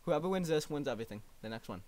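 High, animated young man laughing through a game. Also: very fast. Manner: laughs a lot, gets loudly outraged when losing. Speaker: gamer host. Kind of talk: casual gaming chat with friends.

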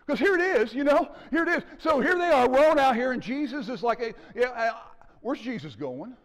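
A male pastor preaching a sermon in an animated way, acting out the scenes. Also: very high-pitched, brisk, big-room sound. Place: church sanctuary.

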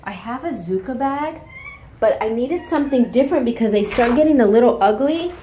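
A young woman chatting excitedly in a casual vlog, telling stories as she moves around her home and yard. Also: fairly high pitch, fairly quick, slight background noise. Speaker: vlogger and makeup artist.

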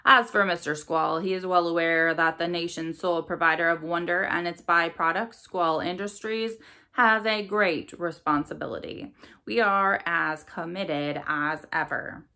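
A woman voicing a small, nervous male company spokesman who speaks softly and evasively, in a storybook read-aloud. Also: lowish voice, steady tone, unhurried, vocal fry, heavily acted. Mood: defensive. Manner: soft-spoken, stammering, evasive.

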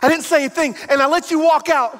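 A man's voice: big pitch swings, fast talker, pushed and bright, breathy edge, long reverb tail, heavily acted. Man playing a frantic, tearful stranger. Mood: frantic pleading. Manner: high-pitched, breathless, near tears. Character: frantic excited male stranger, breathless and pleading.

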